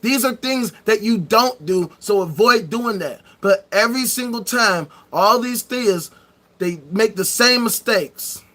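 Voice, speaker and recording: Brief: male live-stream host, high bright voice, profane mocking rant with bursts of shouting. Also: a little slow. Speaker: streamer hosting a live debate show.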